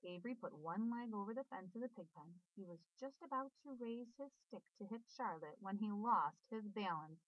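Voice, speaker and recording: Woman reading a storybook, animated. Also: medium pitch, normal speed, hardly any pauses, dry recording. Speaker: storybook reader. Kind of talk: children's book read-aloud. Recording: dull dry recording.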